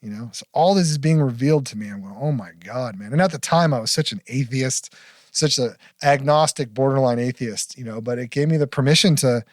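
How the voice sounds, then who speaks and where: Man, middle-aged, candid storyteller, frank and profane, mid-pitched voice, dry close sound. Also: fairly quick, no room sound. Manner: frank, profane, drops to near-whisper at heavy moments. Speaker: podcast guest.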